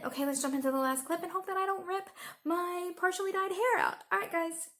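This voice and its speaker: A woman's voice: very high voice, steady tone, a little fast, fairly bright tone. A young woman giving a sarcastic, ranting reaction commentary as a vlogger.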